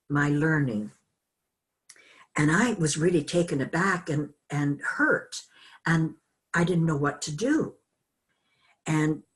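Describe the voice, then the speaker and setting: An older woman teaching an online course, telling a personal story in a slow, halting, reflective way with many fillers. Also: fairly low pitch. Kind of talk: personal storytelling in a group call.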